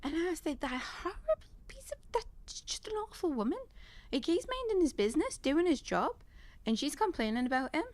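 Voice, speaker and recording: A woman's voice: medium pitch, no echo. A woman chatting casually while playing a game, telling indignant stories about work. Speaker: gamer.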